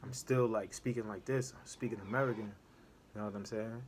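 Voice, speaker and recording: A man casually telling a story from his time in prison in a relaxed street manner, checking in with "know what I'm saying" again and again. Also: on the low side, normal speed, slight background noise. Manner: laid-back street talk, keeps asking "know what I'm saying".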